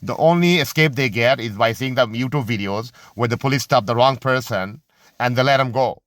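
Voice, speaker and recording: A man argues at length in an unscripted monologue, often breaking off to hunt for a word before pushing on with conviction. His voice sits at an ordinary middle pitch. The recording is dry and close, with no room around it. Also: fairly bright tone, dry recording. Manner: halting, searches for words, many restarts and fillers; impassioned, argumentative. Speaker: commentator on religion and society.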